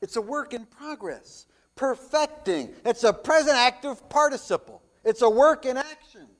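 A man preaching a sermon as pastor, reading scripture and asking rhetorical questions, with loud emphatic swells and hushed drops. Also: very high voice, lively intonation, moderate pace.

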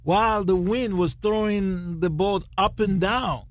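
Animated, laughing Bible-teaching co-host. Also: mid-range voice, unhurried, no room sound. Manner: animated, laughs often, retells scripture dramatically; non-standard English grammar. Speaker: Christian radio co-host.

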